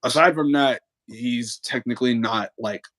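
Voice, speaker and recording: A young man hosting a casual livestream chat, animated and joking, with quick protests. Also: medium pitch. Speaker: livestream host and voice actor.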